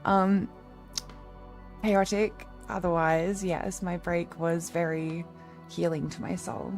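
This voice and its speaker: Young woman streaming, lowish voice, rambly and chatty, thanks chat by name, quiet lo-fi music in the back. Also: steady tone, slow pace, gravelly. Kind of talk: casual live-stream chat reading out viewers' messages.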